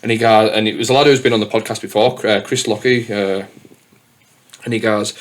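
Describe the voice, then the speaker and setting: A man's voice: lowish voice, steady tone, brisk. A man hosting a podcast, telling rambling stories in casual chat and swearing freely. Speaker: podcast host.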